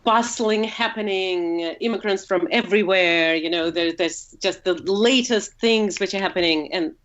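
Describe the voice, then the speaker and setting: Woman, Russian accent, non-native English speaker, guest in casual chat, fillers and restarts, medium-pitched voice, slightly muffled recording. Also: normal speed, fairly bright tone. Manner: explanatory, with frequent fillers and self-corrections. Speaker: guest, opera singer. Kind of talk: casual conversation.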